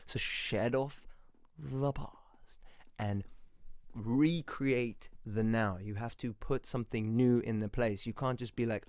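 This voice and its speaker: A man hosting a podcast, giving a lively motivational monologue that he argues through in questions and answers. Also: mid-range voice, a little slow, clear, resonant tone, dry recording, clean studio sound. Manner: animated, playful, acts out little voices; talks to himself in questions and answers. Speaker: podcast host.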